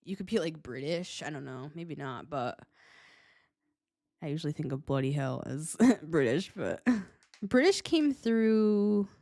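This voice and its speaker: A woman's voice: sits low, animated, unhurried, dark tone, dry recording, clean studio sound. A woman giving a casual tarot reading, chatty and blunt, swearing freely and laughing often. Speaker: tarot reader.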